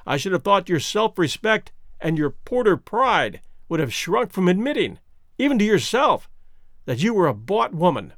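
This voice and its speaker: A male narrator playing a cynical rich schemer, blunt and self-assured. his voice rides fairly high and moves a lot. the recording is dry and close. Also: sing-song, normal speed, fairly bright tone, dry recording, full character voice.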